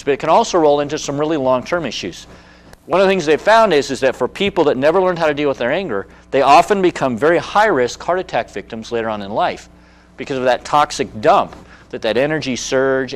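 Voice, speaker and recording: A man in his sixties giving a presentation on handling anger, telling personal stories and acting out the voices of the people in them. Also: fairly high pitch. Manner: animated storyteller who acts out quotes. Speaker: speaker on anger management.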